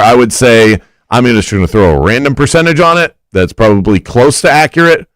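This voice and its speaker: A man's voice: fairly low pitch, dry recording, low-quality recording. A man co-hosting a sports talk radio show, chatty and self-assured as he talks through betting.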